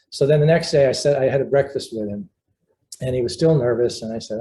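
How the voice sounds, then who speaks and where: An older man, a research scientist and mentor, telling anecdotes at home in a relaxed, halting interview manner. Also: mid-range voice, poor audio. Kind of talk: casual storytelling interview.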